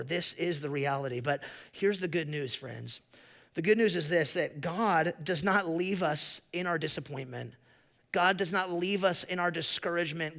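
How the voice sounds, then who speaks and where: Pastor, male, high-pitched, earnest preaching cadence, rhetorical questions, acts out the listener's thoughts. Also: fairly bright tone. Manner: voices the listener's inner thoughts in quoted asides. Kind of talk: sermon.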